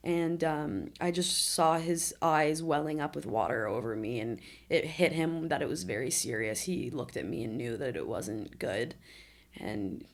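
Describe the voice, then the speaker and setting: Twenties woman guest on a podcast, raspy low-ish voice, open and emotional, laughs it off sometimes. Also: a little slow. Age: 20s. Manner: candid, shaky, laughs through hard moments. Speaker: interview guest. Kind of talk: emotional personal storytelling.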